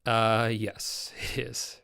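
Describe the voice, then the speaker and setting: A man's voice: lowish voice, monotone, drawn-out words, vocal fry, pushed and bright, smooth. A man with a congested, nasal voice from a cold, hosting a casual live-stream Q&A and answering viewer questions in a chatty way.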